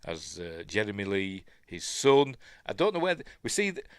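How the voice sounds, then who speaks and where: A man's voice: lowish voice, big pitch swings, moderate pace, smooth, no room sound, studio quality. Rambling Yorkshire man reviewing a film. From Yorkshire, England. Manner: rambling, muttering asides to himself. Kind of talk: casual film review commentary.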